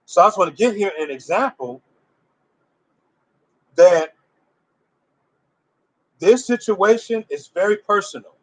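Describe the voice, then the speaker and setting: A man's voice: sits high, animated, a little slow, pauses often, rough recording. A man giving an informal religious teaching in an emphatic, conversational way, pressing his listeners with rhetorical questions. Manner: loose conversational phrasing with restarts.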